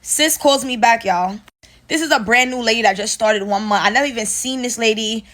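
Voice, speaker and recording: A young woman with a slightly high voice speaks in a lively, unfiltered storytime monologue. She talks straight to her viewers and swears freely. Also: fairly quick. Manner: animated, profane, addresses viewers as y'all. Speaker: storyteller vlogger.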